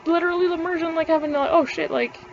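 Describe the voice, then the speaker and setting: A woman's voice: very high voice, steady tone, fast talker, vocal fry, dull audio, slight background noise. A young woman, ranting casually to camera, rambling, swearing freely and laughing between words. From Canada. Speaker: vlogger.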